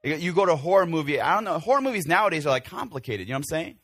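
A forceful, bright-voiced man in his forties preaches an animated, conversational sermon. He acts out little scenes with sudden shouts. The sound is dry and close, with a fairly high voice. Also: rapid-fire, dry recording. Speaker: pastor.

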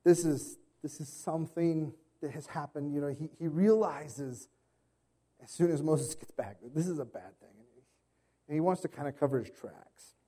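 A man in his thirties delivers a sermon as a pastor. His voice sits a little high but sounds mellow and warm. He talks conversationally and drops into playful impressions while he tells stories. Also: normal speed.

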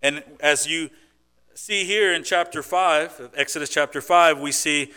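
With a fairly high, clear, resonant voice and an unhurried delivery, a pastor gives a sermon. His tone with the congregation is conversational, sprinkled with rhetorical questions, and it swings between booming emphasis and quiet asides.

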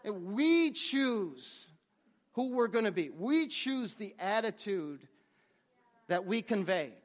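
High-voiced man preaching a sermon. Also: sing-song, slow pace. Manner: earnest, repeats words as he restarts. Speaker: pastor.

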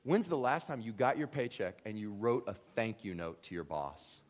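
A man preaching a sermon, animated and humorous, swinging between loud excited bursts and hushed, quiet emphasis. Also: fairly low pitch, moderate pace. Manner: humorous storytelling asides. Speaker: pastor.

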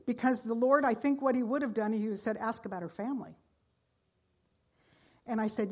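A woman pastor preaching a sermon, earnest, moving between loud exhortation and hushed storytelling. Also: medium pitch, fairly even intonation, normal speed.

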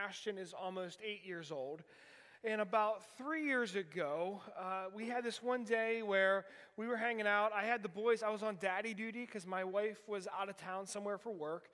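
High-voiced pastor in a reverberant church. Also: male voice, a bit bright, clear, resonant tone. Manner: candid, storytelling, self-deprecating humor. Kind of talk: sermon. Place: church sanctuary. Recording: long hall reverb in a church.

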